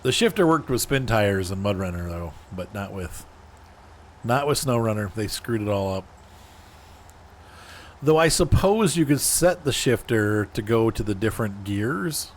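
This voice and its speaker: Streaming a driving game, a man chats casually as he plays, answering chat viewers by name. His voice is lowish, expressive, and a little slow, with a slight hiss or hum in the background.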